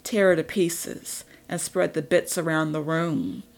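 A woman's voice: deep voice, animated, a little slow, creaky, heavily acted. A woman reading the lines of a scheming, power-hungry male vampire leader in an audiobook, mocking and boastful.

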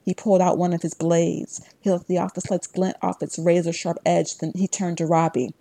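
A woman narrates a first-person story with steady, even pacing. Her voice sits low and mellow, recorded close with no room sound around it. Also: normal speed, gravelly, dry recording. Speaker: audiobook narrator.

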